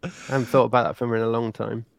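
A man's voice: mid-range voice, flat delivery, very fast, creaky, no echo. Playful British man bantering. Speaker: interview guest. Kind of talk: casual conversation.

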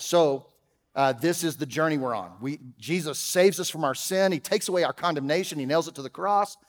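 A man preaching a sermon as pastor, conversational, with humorous asides, swinging from loud emphasis to quiet. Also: fairly high pitch, in a large hall. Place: church auditorium.

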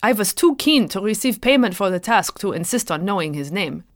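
A man's voice: sits high, expressive, brisk, dry recording, studio quality. A woman voicing a frightened, illiterate young German prisoner who pleads and protests in a raised voice. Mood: explaining.

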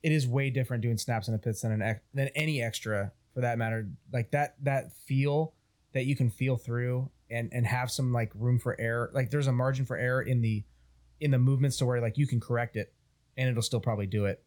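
A man's voice: mid-range voice, fairly even intonation, fairly quick, darkish tone. A man co-hosting a casual flying podcast, enthusiastic and bantering, swearing freely.

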